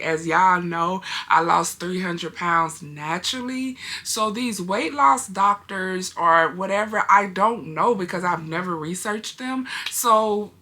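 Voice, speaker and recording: A woman's voice: fairly low pitch, slow, hardly any pauses, bright, forceful tone. A young adult woman hosting a reaction video, chatting casually to her viewers and laughing often.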